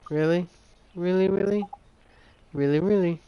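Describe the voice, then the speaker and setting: A man voicing a mysterious little girl in a game, slow and sing-song. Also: sits high, dull audio, a little hiss or hum, voice pushed up. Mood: playful.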